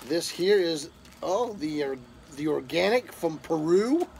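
A man's voice: on the high side, expressive, measured pace, creaky, darkish tone, slight background noise. A man opening a gift box of pipe tobacco and coffee, talking casually to his viewers with enthusiastic drawled exclamations. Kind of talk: casual unboxing talk to camera.

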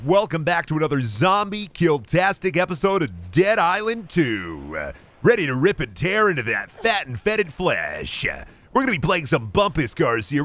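A man's voice: on the high side, fairly bright tone, voice pushed up. A man putting on a cheesy, over-hyped streamer persona with an exaggerated announcer delivery.

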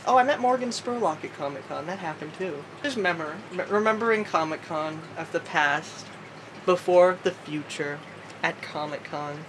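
A woman's voice: low-pitched, moderate pace, a little hiss or hum. A woman vlogging alone from her bedroom at night, rambling in a silly way with sudden squeals and sing-song bits. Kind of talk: goofy solo vlog.

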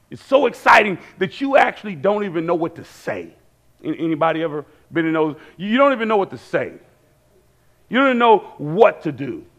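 In a church, a high-voiced man delivers a sermon in an animated, conversational style, acting out the voices he quotes and repeating phrases.

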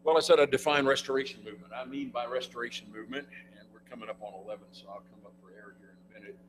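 A man's voice: medium pitch, very fast. An older man giving a conversational church lecture, with wry asides. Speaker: guest speaker. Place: church meeting room. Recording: noisy room recording with hum.

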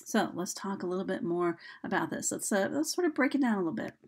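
A woman's voice: medium pitch, expressive, fast talker, darkish tone, breathy edge. A woman teacher giving a recorded slideshow lesson, chatty and full of ums and uhs. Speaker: high school English teacher.

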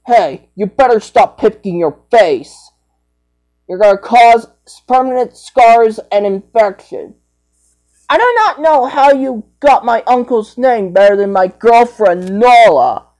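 A woman's voice: fairly high pitch, animated, slow pace, a little mellow, low-quality recording. A woman rambling through improvised toy play, jumping between made-up character voices.

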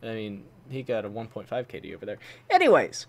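Gravelly, darkish, and on the low side, this man's voice moves fast as he plays a shooter on his gaming channel. He provides casual live commentary, grumbling in frustration at opponents, talking to enemies, and using mild stand-ins for swear words.

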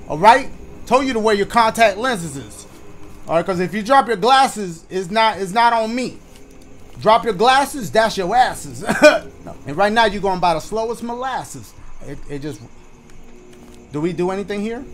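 A man's voice: high voice, a bit bright. A man giving let's-play commentary, joking with the audience and his partner, then muttering nervously. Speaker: gaming YouTuber.

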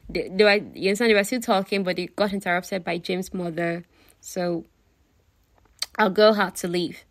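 A woman's voice: medium pitch, fairly even intonation, normal speed, dry recording, clean studio sound. Chatty woman retelling a novel. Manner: chatty, filler-heavy, addresses listeners. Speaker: book retelling narrator. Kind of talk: casual story retelling.

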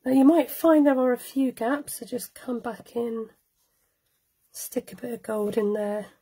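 A friendly woman talks viewers through a live cardmaking tutorial, chatting and laughing as she works. Her voice sits a little high but has a soft, mellow tone. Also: unhurried, husky, low-quality recording. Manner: chatty, laughs often, greets viewers by name. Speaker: cardmaking demonstrator. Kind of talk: live-streamed craft tutorial.

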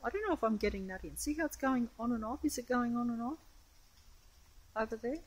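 This Australian vlogger's fairly high voice is expressive, a little fast, with a breathy edge, though the phone audio is poor. She gives casual commentary on a windy, rainy street, hesitant and rambling, with a wary tone.

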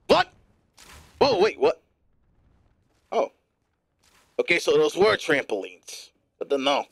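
A male streamer riffing through live gameplay in a put-on, gruff newsman voice. His gravelly tone swings up and down a lot, with a bright, sharp edge. It is a dry, close recording. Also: on the high side, wildly swooping pitch, takes it slowly, long pauses, no echo. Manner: talks in a put-on gruff newsman voice, profane and playful.

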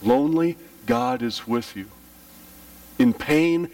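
A man preaching a sermon as pastor, telling stories with lively, dramatic delivery and acted-out cries. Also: a little high, slow, far from the mic. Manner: animated storytelling, acting out his childhood panic with shouts. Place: church.

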